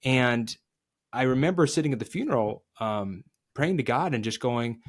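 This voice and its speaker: A man on an interview show tells his own story plainly and openly, with a middle-pitched voice. When the story turns heavy he drops low and quiet. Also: expressive, normal speed. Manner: confessional, drops quiet and low at emotional moments. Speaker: podcast guest. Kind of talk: candid personal storytelling.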